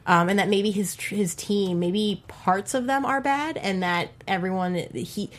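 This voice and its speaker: A woman's voice: medium pitch, a little slow. Young woman rambling through TV predictions. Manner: rambling, hesitant with many fillers. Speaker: co-host. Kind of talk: casual chat about TV.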